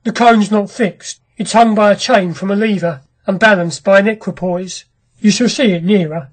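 A narrator voicing a brisk, commanding ironworks owner. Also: medium pitch, breathy edge, close to an everyday voice. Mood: curt. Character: ironworks owner, a grim restless man. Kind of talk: audiobook character reading.

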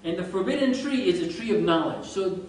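A man teaching an informal religious lesson to a group, lively and quizzing his listeners. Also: brisk. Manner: animated, quizzes listeners, chuckles. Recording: very echoey room, far from mic, faint rumble.

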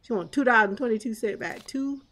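A woman's voice: fairly high pitch, quick pace, a bit bright. A woman streamer giving chatty live gameplay commentary, laughing often and talking back to chat and the game's customers.

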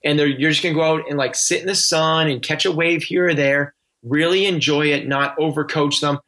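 This man's voice is fairly high and steady, with a sharp tone and a slightly fast pace. Appearing as a coaching guest on a podcast, he chats earnestly in casual interview fashion, restarting his sentences often and leaning on fillers.

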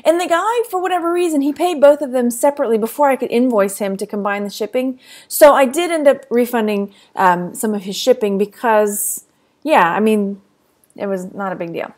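A woman's voice: a little high, a little fast, a little mellow. A woman with a Texan accent chatting casually to camera as a reselling vlogger, rambling and laughing often, a little tired. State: tired, yawning.

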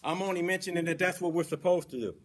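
Preaching the Friday sermon at a mosque, this imam talks fast, repeating points with emphasis and lifting his voice for stress, then letting it fall low. There's slight background noise.

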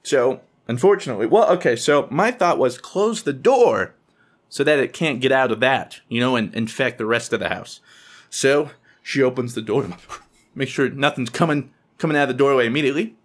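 Young man, animated storyteller, lively swooping pitch, medium-pitched voice, jumps into squeaky voices for quotes. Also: moderate pace. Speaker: YouTuber telling a story.

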